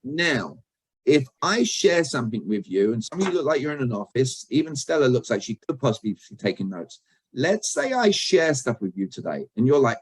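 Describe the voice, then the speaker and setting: A man's voice: mid-range voice, very animated, normal speed, husky, dry recording, rough recording. British-born man teaching a chatty video-call workshop. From Britain. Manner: chatty, jokey, asks the audience questions. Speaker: communication trainer. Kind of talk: interactive online workshop.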